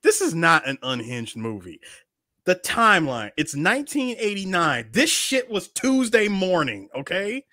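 A man's voice: high voice, huge pitch swings, measured pace, pushed and bright, no echo, studio quality. A man co-hosting a podcast, arguing emphatically about movies and repeating his points. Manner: emphatic, argumentative, repeats himself. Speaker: podcast co-host. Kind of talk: casual movie chat.

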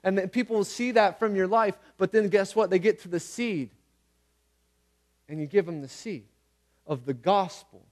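A man's voice: high voice, normal speed, long pauses. A man preaching a casual, conversational sermon, earnest and repeating phrases for emphasis, with everyday slang. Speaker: pastor.

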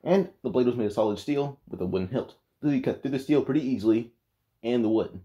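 A man's voice: medium pitch, fast, mellow, highs cut off. A man casually retelling an anime fan story, rambling with lots of "like" and frequent restarts.

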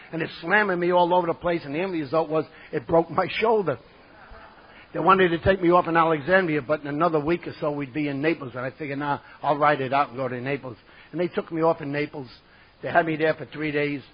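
A streetwise man with a New York accent tells his story to a conference crowd, acting out his own old lines. His voice is a bit high and husky. The lo-fi recording of the live talk sounds dull. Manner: gruff streetwise storyteller, acts out quotes. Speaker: speaker sharing his recovery story. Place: conference hall.

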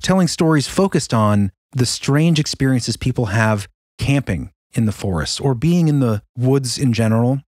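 A man's voice: mid-range voice, expressive, moderate pace, darkish tone, no echo, studio quality. A man co-hosting a podcast, chatting with enthusiasm and setting up the episode's theme. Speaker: podcast co-host. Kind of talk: casual podcast chat.

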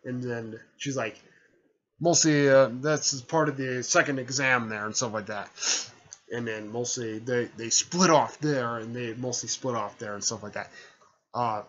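A man's voice: medium pitch, measured pace, a bit bright, dull audio. A man casually retelling a story in a rambling way, tacking "there" and "stuff like that" onto his sentences.

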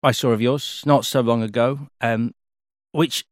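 A man's voice: medium pitch, fairly even intonation, measured pace, no echo, studio quality. A man hosting an interview, joking around with his guest and laughing a lot as he asks questions. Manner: jokey, chatty, laughs a lot. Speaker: interview host. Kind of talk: casual interview chat.

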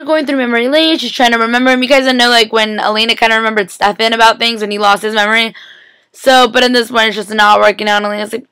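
A young woman with a fairly high voice chats sleepily through a TV recap in the small hours, giggling and leaning on "like" as she rambles. It's captured on a laptop webcam mic, dry and close with no room sound. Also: little pitch movement, quick pace, bright, forceful tone, smooth, dry recording. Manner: rambling, giggly, heavy use of "like". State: sleepy, filming at four a.m. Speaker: TV recap vlogger. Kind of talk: casual chatty recap.

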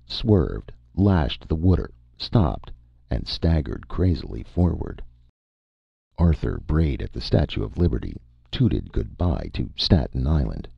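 A man narrates an audiobook in a very deep, gravelly and husky voice. His delivery is lively, with pitch rising and falling through the tale. The sound is dry and a bit dull. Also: no echo. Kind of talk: scripted first-person narration.

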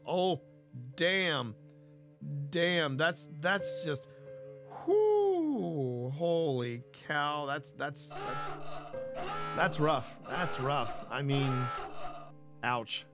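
Animated, rambling male streamer. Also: fairly high pitch, drawn-out words, music in the background. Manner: animated, rambling, frequent laughs and restarts. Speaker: streamer host reading weird news. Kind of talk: casual commentary.

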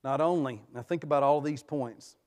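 A man's voice: medium pitch, normal speed. Man preaching a sermon in a church. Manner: conversational preaching with sudden loud rises; tells personal family stories, laughs often. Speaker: guest preacher. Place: church sanctuary.

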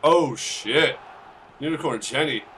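A man streaming a football game, chatting casually, yelling at his players and swearing. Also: a little high, slow, distant mic, a faint crowd, a little hiss or hum. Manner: excitable, yells at players, swears. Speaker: gaming streamer. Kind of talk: casual gaming commentary.

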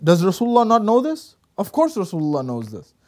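Male guest speaker, high-pitched, animated storytelling preacher. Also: fairly quick. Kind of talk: religious talk show discussion.

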